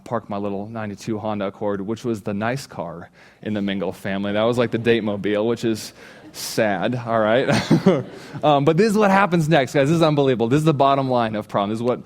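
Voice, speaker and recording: Animated man preaching with a story. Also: lowish voice, fairly quick. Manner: animated storyteller, acts out his own shouts. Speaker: pastor. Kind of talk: sermon with personal story. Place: church stage.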